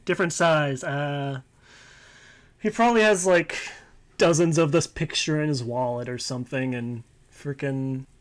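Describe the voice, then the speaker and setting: A man with a clear, resonant, fairly high voice streams a visual novel as let's-play commentary. He reads the narration aloud and rambles casually with light swearing.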